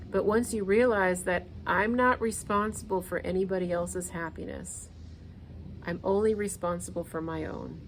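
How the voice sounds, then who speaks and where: A woman in her thirties talks through everyday emotions in an earnest, conversational way, often circling back to repeat her point. Her voice sits at a medium pitch, and faint noise hums under the recording. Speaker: podcast host. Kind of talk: casual motivational talk.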